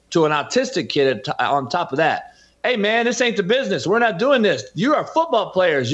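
A man's voice: sits high, fairly bright tone, dull audio. A man, a podcast host and former coach, talking as a guest in a heated, emphatic and preachy way. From California. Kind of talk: heated interview talk.

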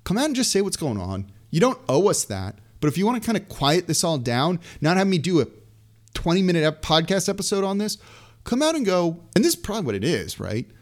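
A man hosting a sports podcast, talking through team news in casual, animated solo commentary with frequent asides. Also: high voice, a little fast.

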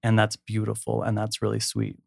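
Earnest guy opening up, kinda gravelly low voice, laughs a lot, dry mic. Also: completely flat delivery, a little fast, no echo. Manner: emotional, candid, laughs easily. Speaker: guest. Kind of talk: earnest personal conversation.

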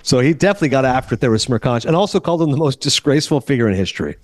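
A middle-aged man from Canada hosting a casual film podcast, telling animated stories and acting out other people's lines. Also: medium pitch, very fast, no echo. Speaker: podcast host.

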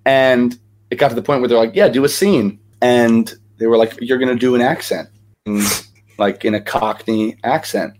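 A man's voice: medium pitch, steady tone, normal speed, a little mellow, a little hiss or hum. A young man, a guest actor, telling stories in a casual interview with lots of energy and many fillers.

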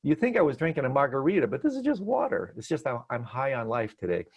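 Husky-voiced man teaching, animated. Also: mid-range voice, quick pace. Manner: animated storytelling, laughs often. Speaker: meditation teacher. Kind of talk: online teaching talk. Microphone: video call.

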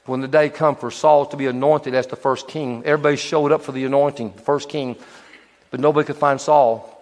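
A man preaching a sermon as pastor, animated, acting out biblical figures in quick voices. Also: medium pitch, in a large hall. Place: church hall.

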